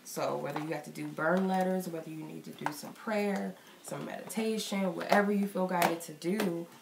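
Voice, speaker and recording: Woman tarot reader, low flat voice, a bit sick and breathless, echoey room with faint hiss. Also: moderate pace, vocal fry. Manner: chatty and reflective, loose rambling phrasing. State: getting sick, a little out of breath. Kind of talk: casual spoken tarot reading.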